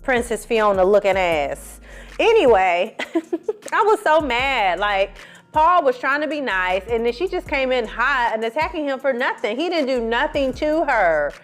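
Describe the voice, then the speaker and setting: A woman, a film and TV reviewer, gives a casual reality show recap full of attitude, sassy and profane in her animated storytelling. Her fairly high voice moves at a measured pace over soft background music.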